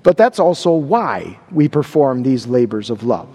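A man's voice: medium pitch, sing-song, unhurried, mellow, breathy edge, in a large hall. A man preaching a sermon, stressing and repeating key words. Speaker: pastor.

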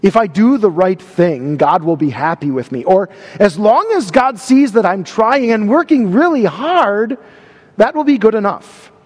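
A man's voice: high voice, animated, a little slow, a little mellow, big-room sound. A man preaching a sermon, stressing and repeating key words. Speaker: pastor.

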